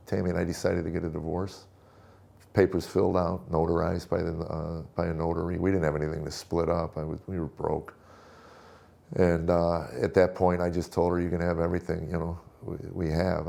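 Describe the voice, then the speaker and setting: A middle-aged man telling his personal story in a conversation as a guest, halting and reflective, often repeating words as he goes. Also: low-pitched, creaky, a little mellow.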